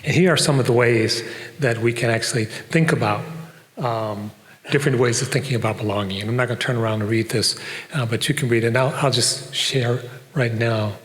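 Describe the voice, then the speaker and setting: An older professor from Detroit, USA, lectures to a live audience from a performing arts center stage, talking conversationally with frequent fillers and asides. His mid-range voice moves a little fast, and the hall adds a long reverb.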